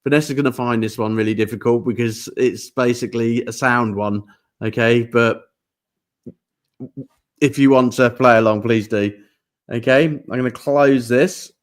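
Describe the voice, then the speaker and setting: Man, podcast host, casual chat, playful, laughing, middle pitch. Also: fairly even intonation, normal speed. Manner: chatty, laughing, mimics accents.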